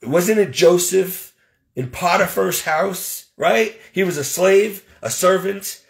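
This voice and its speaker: A man's voice: sits high, takes it slowly, vocal fry. A man who works as a caregiver, venting emotionally about his situation in a heated, aggrieved, religious way. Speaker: professional caregiver. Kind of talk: emotional personal vent.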